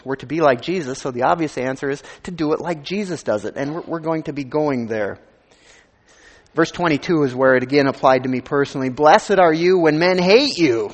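A man preaching a sermon as pastor, earnest and conversational, stressing scripture lines with rising emphasis. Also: mid-range voice. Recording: long hall reverb.

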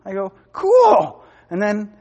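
A man with a somewhat high voice tells a church testimony, acting out the dialogue and laughing along the way. His voice rings in a long hall reverb. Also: lively intonation, moderate pace. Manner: storytelling with quoted dialogue and laughter. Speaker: church speaker giving a testimony. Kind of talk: testimony sermon.

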